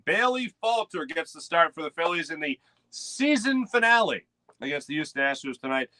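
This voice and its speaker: Bright-voiced chatty sports show host. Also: male voice, on the high side, very animated, normal speed, no echo. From United States. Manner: rambling, chatty, reads out chat names. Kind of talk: casual live morning sports show. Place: home studio with webcam.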